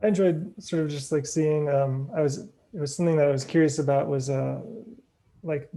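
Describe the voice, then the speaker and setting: A man in a casual book club discussion on a video call, explaining ideas hesitantly with many pauses. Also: fairly high pitch, fairly even intonation, dark tone. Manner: hesitant, lots of ums, explains slowly.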